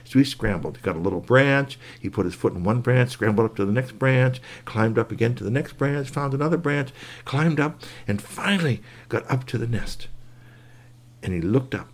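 A man telling a bedtime story to a child, animated, with sound effects and asides to the listener. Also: mid-range voice, moderate pace.

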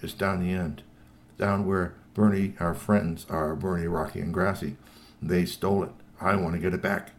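A man voicing a scheming human hiding among trolls, talking low and hushed. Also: steady tone, normal speed. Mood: plotting.

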